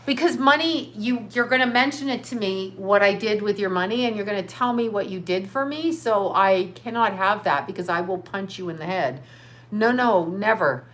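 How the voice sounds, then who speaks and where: A woman's voice: medium pitch, moderate pace, fairly bright tone. Profane rambling woman livestreamer. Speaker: livestream host; psychic. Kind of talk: casual livestream chat reading viewer comments.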